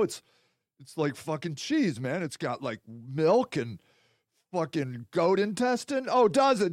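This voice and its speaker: A podcast host rattles through a foul-mouthed, rambling comic monologue, playing both sides of made-up arguments. His voice sits unusually high and is smooth and resonant. The sound is close and dry, with no room around it. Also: dry recording. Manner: profane, rambling, acts out mock dialogues. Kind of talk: solo comedic rant.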